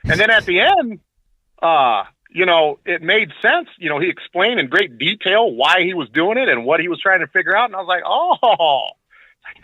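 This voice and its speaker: A man's voice: a little high, dry recording. A man from Michigan chatting as a guest over the phone, animating his stories. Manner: animated storyteller, acts out quotes. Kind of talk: casual chat. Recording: phone line.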